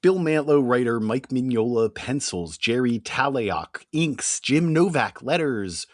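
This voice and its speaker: Male co-host, wry teasing banter, lively intonation, dry close mic. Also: mid-range voice, a little slow, no echo. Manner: wry, teasing, reads credits in a list. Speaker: podcast co-host. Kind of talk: casual chat.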